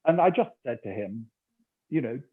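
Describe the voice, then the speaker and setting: With a medium-pitched, slightly rough voice, lively intonation and normal speed, an older man from Newcastle speaks in a Geordie accent. An actor and audiobook narrator, he tells a story in a remote interview, laughing often and performing quotes, all on tinny call audio.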